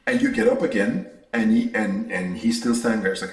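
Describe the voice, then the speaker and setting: A man's voice: fairly low pitch, wildly swooping pitch, fairly quick, few pauses, reverberant, distant mic. A man hosting a podcast, arguing his point emphatically with analogies and the odd curse word. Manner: emphatic, argumentative, uses analogies and profanity. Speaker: podcast host. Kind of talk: conversational interview.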